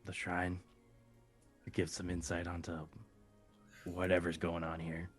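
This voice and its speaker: Husky low-voiced man player. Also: completely flat delivery, measured pace, faint music behind. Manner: laughs easily, chatty. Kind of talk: casual tabletop game chat.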